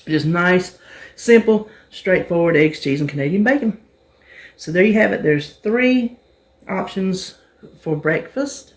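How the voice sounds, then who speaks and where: A woman's voice: fairly low pitch, lively intonation, a little slow. Chatty woman cooking on camera. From North Carolina, US. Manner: chatty, homey, talks the viewer through each step. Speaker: cooking vlogger. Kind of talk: casual cooking demonstration.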